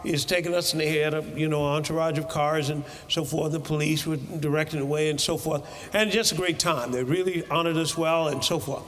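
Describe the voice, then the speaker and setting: A man preaching a sermon in a church, animated and breaking into shouted bursts. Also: a little high, fairly quick, few pauses, long reverb tail.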